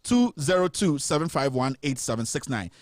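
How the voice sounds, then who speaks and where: A man with a Ghanaian accent hosts a live call-in commentary show, sarcastic and animated, and reads viewers' comments aloud. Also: mid-range voice, normal speed, no room sound, studio quality. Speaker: host.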